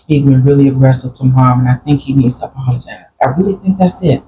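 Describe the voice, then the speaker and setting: Low-voiced woman telling a personal story. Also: fast talker, warm tone, low-quality recording. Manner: earnest, plain-spoken, quotes family members while recounting. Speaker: guest sharing a grief story. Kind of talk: personal storytelling in a group conversation.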